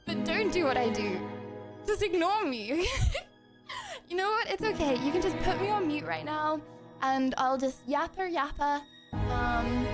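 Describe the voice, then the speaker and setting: A woman's voice: high voice, creaky. A young woman streaming live, chatting casually with her viewers in a bubbly, giggly way. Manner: bubbly, giggly, cheering chat on.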